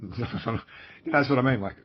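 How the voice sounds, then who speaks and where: A man's voice: mid-range voice, expressive, measured pace, breathy edge. An Australian man telling a personal story in a casual, rambling, profane way, full of fillers and restarts. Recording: dull lo-fi recording.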